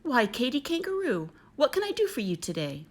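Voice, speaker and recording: A woman's voice: high-pitched, sing-song, brisk, pitched above the performer's own voice. A woman voicing a friendly, matter-of-fact mother crocodile in a storybook reading.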